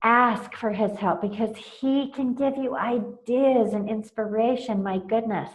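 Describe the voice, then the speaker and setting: A woman's voice: fairly high pitch, a little slow. A woman in her forties, a parenting mentor, giving earnest, emotional tips on connecting with children, often laughing and restarting her sentences. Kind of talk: informal talk on parenting tips. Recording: muffled lo-fi recording.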